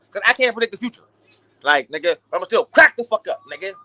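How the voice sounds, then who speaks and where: A young man hosting a boxing talk stream, ranting in an animated, profane, casual way. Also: high-pitched, fast talker, dry recording. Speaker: boxing talk show host. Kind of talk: casual livestream rant.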